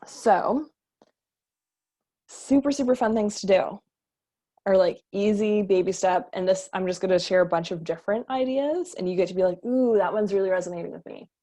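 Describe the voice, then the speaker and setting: A woman's voice: mid-range voice, normal speed, warm tone. Chatty woman coach, full of "like". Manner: chatty, filler-heavy with frequent "like", casual swearing. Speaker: business coach. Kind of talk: casual online course lesson.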